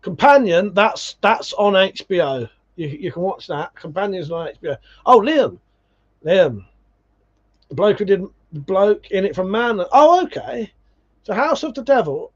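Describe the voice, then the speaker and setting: A man's voice: sits high, animated, measured pace, dull audio. A man hosting a livestream, chatting casually and reading out viewer comments, swearing freely and calling people mate. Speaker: livestream host.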